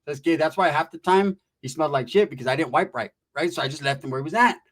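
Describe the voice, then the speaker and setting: A man rattles through a crude, profane comic story at a rapid clip. His voice sits somewhat high. He slips into the voices of the people he quotes. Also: fairly bright tone.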